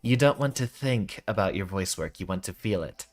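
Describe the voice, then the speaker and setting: A man streaming, explaining voice technique in casual talk, with a deep voice from the back of his throat and a melodic cadence that drops at sentence ends. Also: expressive, normal speed.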